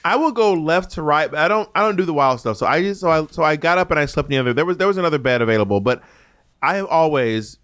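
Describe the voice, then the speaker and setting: A man from Atlanta co-hosting a podcast, telling teasing, animated stories in casual chat. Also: on the high side, quick pace, clean tone, dry recording. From Atlanta, USA. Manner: animated, teasing storyteller with playful mock quotes. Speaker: podcast co-host.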